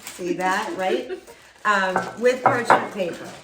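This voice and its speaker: A woman from Chicago reads a recipe aloud during a casual home cooking demo, chatty and quick to giggle. The home kitchen sounds echoey, picked up on a camera mic with clear background noise. Her pitch sits mid-range. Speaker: cooking show co-host reading the recipe.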